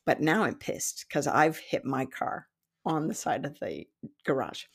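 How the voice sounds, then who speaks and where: A woman in her fifties, a psychic development teacher, telling a personal story in casual talk. Her voice sits a bit low, and she laughs often. She keeps acting out what people said to her. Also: a little slow, gravelly, breathy edge. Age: 50s. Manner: animated, laughs often, acts out quoted dialogue.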